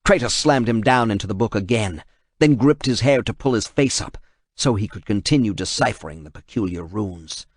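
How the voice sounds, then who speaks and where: A man reading an action novel aloud in steady, measured audiobook narration. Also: on the low side, no room sound.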